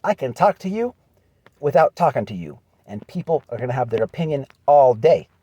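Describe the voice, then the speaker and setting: A man with a drawl speaks straight to one person in an earnest, repetitive way, circling back to the same points. His voice sits high for a man, and the sound is dry and close with no room around it. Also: mellow, no echo, muffled recording. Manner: earnest, repetitive, calls listener "man" often. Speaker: channel host. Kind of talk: direct address video message.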